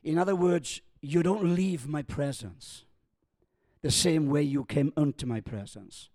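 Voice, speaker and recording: A man in his sixties preaching a sermon, telling a funny family story with stumbles, restarts and excited, loud punchlines. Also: a little high, unhurried, no echo, studio quality. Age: 60s.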